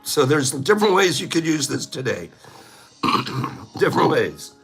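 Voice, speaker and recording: Host, male, middle-aged: goofy, laugh-prone, high bright voice that swings wildly, unhurried, light music underneath. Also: very animated, creaky, slightly rough. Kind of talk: casual livestream chat.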